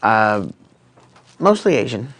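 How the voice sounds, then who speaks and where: A man's voice: on the low side, sing-song, slow pace, fairly bright tone. Terse dry-spoken man guest. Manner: terse, dry, short answers. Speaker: podcast guest, former bouncer. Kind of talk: casual interview answers.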